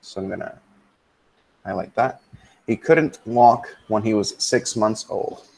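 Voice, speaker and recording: Relaxed man teaching English grammar, fairly low. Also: a little slow, vocal fry, poor audio. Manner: relaxed, thinks aloud with many ums and mutters asides. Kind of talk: casual grammar lesson, switching into Spanish.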